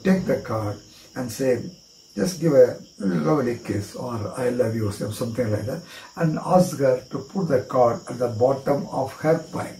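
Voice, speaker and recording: A man with an Indian English accent walks through a card trick, spelling words out one letter at a time and repeating little chants. His voice is mellow and warm. The room is echoey, with faint crickets behind him. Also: mid-range voice, animated, unhurried, vocal fry, a little hiss or hum. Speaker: magic teacher.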